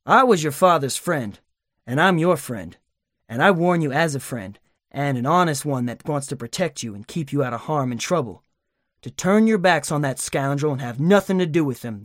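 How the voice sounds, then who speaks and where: A man voicing a stern, indignant older male town doctor in an audiobook, speaking in a forceful, scolding way. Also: mid-range voice, expressive, moderate pace, dry recording, studio quality, natural voice. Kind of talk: audiobook character voice.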